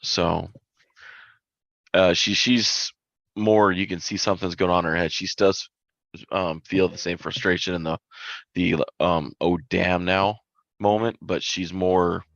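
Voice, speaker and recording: A man's voice: deep voice, fairly even intonation, unhurried, gravelly, a bit bright, no room sound. A man playing a tabletop game, describing a character in a hesitant, thoughtful way. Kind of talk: casual chat. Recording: dull, lo-fi, dry.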